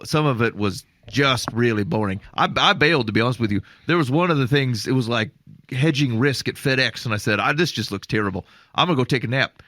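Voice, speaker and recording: A man's voice: mid-range voice, fairly bright tone, no echo. A man hosting a podcast, from Iowa, telling a long rambling story in casual chat with laughs. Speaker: podcast host.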